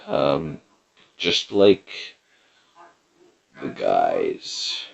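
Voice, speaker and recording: A man hosting a podcast, delivering a rambling deadpan comedy monologue full of fillers and hesitations. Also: a bass voice, slow, vocal fry, long pauses, poor audio. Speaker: podcast host.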